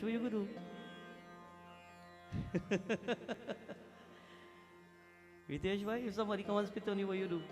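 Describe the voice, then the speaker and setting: A man giving a sermon as a pundit, telling stories and acting out the voices in them. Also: high voice. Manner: animated preacher, acts out quoted voices, asks the crowd questions. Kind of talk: sermon with storytelling. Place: temple hall.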